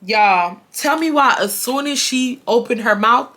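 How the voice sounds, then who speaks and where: Bright, animated young woman storyteller. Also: on the high side, a little slow. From Houston, Texas. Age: 20s. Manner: animated, emphatic, addresses viewers as y'all. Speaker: YouTuber. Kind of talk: storytime vlog.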